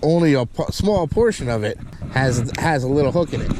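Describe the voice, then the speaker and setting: Lively high-voiced man fishing outdoors. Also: a little fast, background noise. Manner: excitable, whoops loudly at catches. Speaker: fishing channel host. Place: outdoors on the water.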